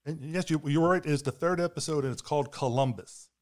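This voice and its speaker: A man's voice: fairly high pitch, fast talker. A man hosting a podcast interview, talking casually with fan enthusiasm and stumbling over his starts. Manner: friendly fan enthusiasm, repeats words when starting.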